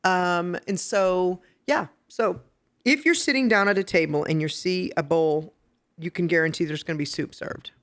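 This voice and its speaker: A woman hosting a podcast who teaches etiquette step by step, checking in with "okay?" and getting lively and laughing when she tells stories. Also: fairly low pitch, moderate pace. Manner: instructive, explains step by step with "okay?" and "right?". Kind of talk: casual podcast chat. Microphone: podcast microphone.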